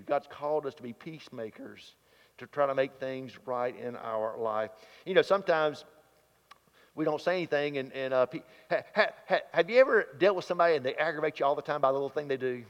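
A man's voice: on the high side, lively intonation, normal speed, fairly bright tone. A man preaching a sermon in a folksy, plain-spoken way, reading scripture aloud. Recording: dull sound, long hall reverb.

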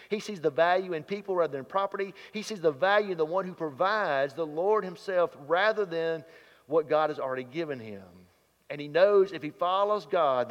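Guy preaching, kinda high voice, long church echo, dull muffled sound. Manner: folksy, plain-spoken, reads scripture aloud. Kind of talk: sermon.

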